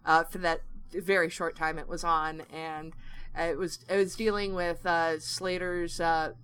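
Woman co-host, lowish voice, halting casual chat. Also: flat delivery, fairly bright tone, smooth. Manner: hesitant, many ums. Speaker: podcast co-host.

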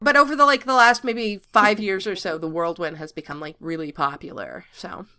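A woman's voice: mid-range voice, brisk, bright, forceful tone. A woman in her thirties, a podcast co-host chatting casually about a TV show, laughing easily and swearing freely. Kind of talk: casual chat.

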